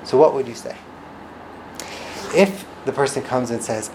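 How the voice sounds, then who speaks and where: A man giving an informal lesson on listening and calming people, acting out quoted reactions and often restarting his sentences. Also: normal speed, pauses often. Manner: animated, acts out quoted reactions with big pitch jumps; frequent restarts and trailing phrases. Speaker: instructor teaching parenting and communication skills. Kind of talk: informal teaching talk. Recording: noticeable background noise.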